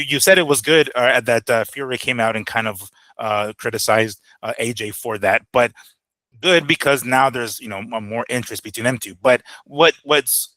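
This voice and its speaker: A man's voice: mid-range voice, bright, forceful tone, dry recording. A man co-hosting a boxing talk show, chatting casually and rambling with fillers and swearing. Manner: rambling, lots of fillers and profanity. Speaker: boxing podcast co-host. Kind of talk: casual chat.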